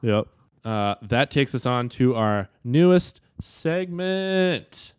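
A man in his thirties co-hosting a casual podcast, laughing often in a relaxed, nerdy way. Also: mid-range voice, slow, clear, resonant tone, dry recording, clean studio sound. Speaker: podcast co-host. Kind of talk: casual chat.

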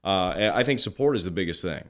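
A man in his forties telling stories as an interview guest, animated and full of restarts, often acting out what others said. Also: deep voice, a little fast. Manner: animated, acts out quoted voices, many restarts. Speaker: guest, former pro baseball pitcher. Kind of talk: casual interview storytelling.

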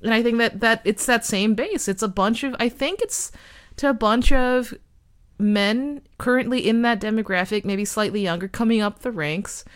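A woman's voice: a little high, normal speed, smooth. A woman in casual political chat, thinking aloud with restarts, wry and swearing casually.

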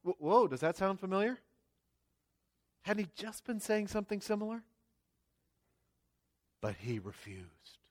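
A pastor preaching to a congregation in a church, his voice sitting fairly high for a man. He talks the way you would chat with friends, often tagging his points with little questions. When he reads scripture his voice swells with emphasis. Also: big pitch swings, a little slow, long pauses. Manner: conversational, tags lines with "okay?" and "right?". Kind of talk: sermon. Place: church sanctuary before a congregation.

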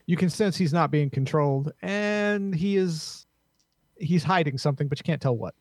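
Husky guy running a tabletop game, dry close sound. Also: a little high, moderate pace, no echo. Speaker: game master.

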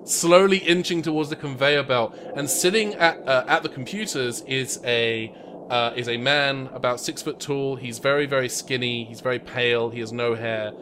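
A man narrating a tabletop game as game master in a relaxed, halting way, recorded remotely. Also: mid-range voice, noisy background. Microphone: remote call mic.

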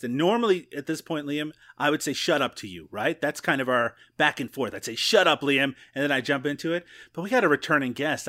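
A man's voice: mid-range voice, a bit bright. A man hosting a podcast in casual chat, joking and playful with his co-host and guest. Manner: jokey, playful, drops to a whisper for gags.

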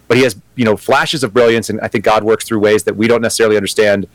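Male guest, quick and earnest, restarts his thoughts, dry close mic. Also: fairly low pitch, steady tone, dry recording, rough recording. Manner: fast, earnest, thinking aloud with restarts. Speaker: guest, former FBI agent. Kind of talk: conversational interview.

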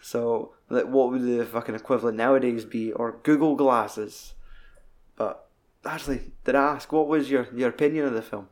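Man, podcast co-host, casual sweary film chatter, ordinary middle pitch. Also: steady tone, moderate pace. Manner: loose, sweary, lots of "like".

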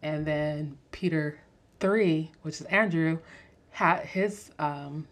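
Young woman, low voice, animated casual podcast chatter full of fillers. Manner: animated, fast-talking, frequent fillers and laughs. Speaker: podcast host. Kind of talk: casual movie review chat.

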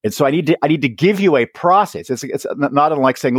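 A man as a guest on an education podcast, explaining his ideas and acting out quick exchanges between teachers and students. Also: a little high, husky, no room sound, clean studio sound. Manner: animated, acts out teachers and students in quick asides. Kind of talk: podcast interview.

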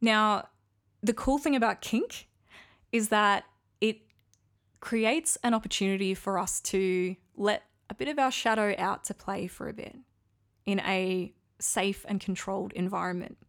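Frank, gravel-edged woman podcaster. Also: medium pitch, unhurried. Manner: frank, conversational, confiding. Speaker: podcast host. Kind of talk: candid podcast monologue.

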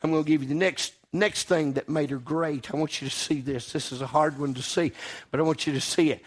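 Male preacher, high-pitched, fervent sermon delivery with loud peaks and soft drops. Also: steady tone, a little fast. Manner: impassioned, swings from loud exclamation to quiet asides.

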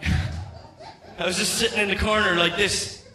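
Irish stand-up comic, thirties, high voice, profane and rambling; roomy sound, mic kept at a distance. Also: male voice, fairly even intonation, measured pace, pushed and bright. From Ireland. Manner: profane, rambling, frequent stammered restarts. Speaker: stand-up comedian. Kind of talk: stand-up comedy set. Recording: echoey room, mic at a distance.

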